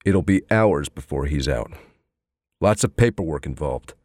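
A man's voice: rumbling low, animated, moderate pace, darkish tone, no echo, clean studio sound. A man reading an audiobook, voicing a sardonic male police detective who needles with probing questions. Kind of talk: audiobook character voice.

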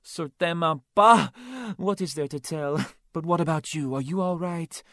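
A man voicing a flamboyant café owner with a high, fluting voice and a put-on French accent, talking in a gushing, dramatic way. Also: normal speed, fairly bright tone, no room sound, studio quality.

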